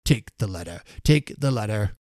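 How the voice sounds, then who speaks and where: A pompous, self-satisfied gentleman from a storybook reading, as a man puts him on. He lectures in a slow, oracular way with a mellow, low voice. The sound is dry and close. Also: animated, no room sound. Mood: dismissive. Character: pompous rich older gentleman.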